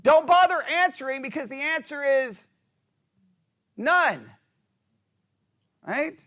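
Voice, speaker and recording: A man with a very high voice leads a Bible study in a relaxed, conversational way. He throws questions at his class and acts out the lines he quotes. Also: takes it slowly. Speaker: Bible teacher.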